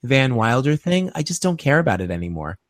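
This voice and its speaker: A man's voice: medium pitch, sing-song, a little fast, dry recording. Sarcastic man in a dry room. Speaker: podcast co-host. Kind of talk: casual chat.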